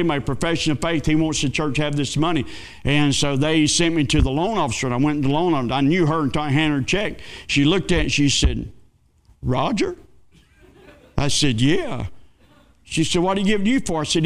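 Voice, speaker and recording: A male pastor, telling a folksy story in a sermon with dramatic swings between excited and hushed. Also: fairly high pitch.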